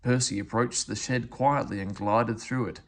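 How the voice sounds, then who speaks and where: A man reading a children's story aloud with expressive, animated narration. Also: mid-range voice, normal speed. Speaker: storybook reader.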